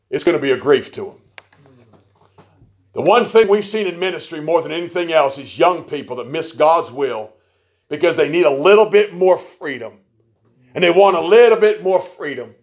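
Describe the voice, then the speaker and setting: A male preacher with a slightly high voice delivers a sermon in a folksy storytelling way. He drops into quiet, joking asides, then builds to loud, fervent emphasis.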